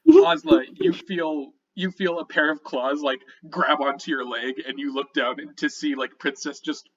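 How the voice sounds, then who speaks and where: A man's voice: a little high, expressive, moderate pace, dull audio, slight background noise. A man narrating a tabletop game as dungeon master, describing scenes vividly with many fillers.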